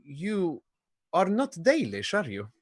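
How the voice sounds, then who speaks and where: A man's voice: high voice, huge pitch swings, slow, no room sound, voice pushed up, full character voice. A man voicing a young male elf mage who is polite and prim but trades dry barbs, often faltering and restarting.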